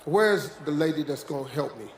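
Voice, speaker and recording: An older American man speaking onstage with a high, bouncing voice that swings wildly as he preaches and jokes. His talk rings through an echoey dome, with faint audience noise underneath. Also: a little fast. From West Virginia, USA. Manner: animated, preachy and joking. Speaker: motivational speaker. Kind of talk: live motivational speech. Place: large dome venue with live audience.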